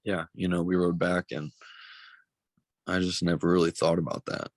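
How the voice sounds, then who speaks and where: A young pro MMA fighter from Missouri, United States, speaks as an interview guest in a deep, level voice at a moderate pace, recorded dry. He talks candidly, bluntly and profanely, growing emotional as he goes.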